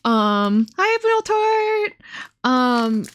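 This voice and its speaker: A woman's voice: sits high, very animated, extremely slow. A woman in her twenties chatting casually on a livestream, talking with her mouth held nearly closed because her lips are sore and blistered, in a rambling way full of fillers. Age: 20s. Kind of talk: casual chat stream.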